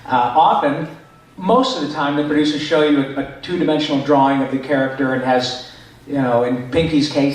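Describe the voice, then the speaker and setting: A man, a voice actor, answering fan questions at a convention panel in an animated way, now and then slipping into character voices. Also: medium pitch, a little fast. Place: large echoey convention hall. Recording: echoey hall picked up from far off.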